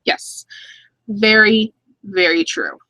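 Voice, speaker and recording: A woman's voice: medium pitch, sing-song, slow pace, pushed and bright, no echo, rough recording. A woman in her thirties hosting a casual live-stream chat, reading viewer comments aloud and laughing between stories. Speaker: YouTube channel host.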